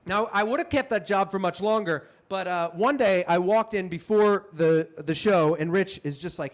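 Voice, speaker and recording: A young man telling a comic story on stage, animated and self-mocking with quick asides. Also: sits high. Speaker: comedian and storyteller. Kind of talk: live stand-up storytelling.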